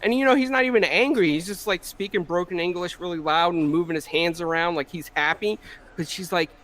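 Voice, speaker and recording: A man with a notably high voice chats on a podcast, sharing family anecdotes in an easy, talkative way. He speaks casually. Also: a little fast. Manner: chatty anecdotes, lively quoting of relatives. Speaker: podcast co-host. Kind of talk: casual chat.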